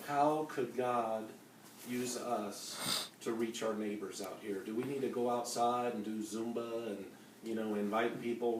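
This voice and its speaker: A conference speaker rambles through his personal testimony, leaning on fillers and restarting often. His mid-range voice is a little mellow. The recording, made from far off in an echoey conference center hall, carries a little hiss or hum.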